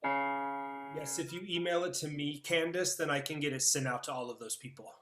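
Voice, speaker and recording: A man's voice: fairly high pitch, fairly even intonation, moderate pace, roomy sound, over loud music. A man on a video call, answering casually while eating.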